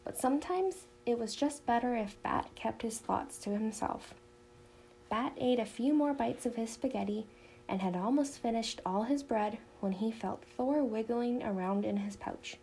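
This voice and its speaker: A woman narrating a children's novel in an even storytelling manner. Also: fairly high pitch, normal speed, a little hiss or hum, rough recording. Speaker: audiobook narrator.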